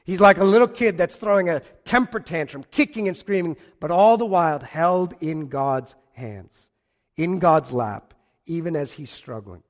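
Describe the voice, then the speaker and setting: A man's voice: fairly high pitch, animated, normal speed. A male pastor preaching a sermon, impassioned and building to emphatic repeated phrases. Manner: impassioned, rising to emphatic repetition. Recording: long reverb of a large hall.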